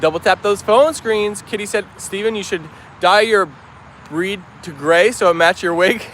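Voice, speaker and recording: A man's voice: sits high, moderate pace, fairly bright tone, slight background noise. A man hosting a casual outdoor livestream, chatty and upbeat, greeting viewers by name and reading their messages aloud. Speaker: livestream host. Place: outdoors in a yard with dogs and chickens.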